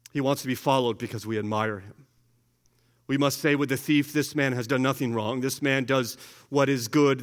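A man preaching a sermon as pastor, earnest, rising high and loud at the big points and dropping soft and slow for quoted words. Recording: long reverb of a large hall.

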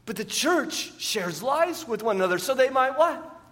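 A man's voice: extremely high pitch, sing-song, normal speed, a bit bright, long reverb tail. A man preaching a sermon as pastor, often asking his listeners rhetorical questions and repeating words as he goes.

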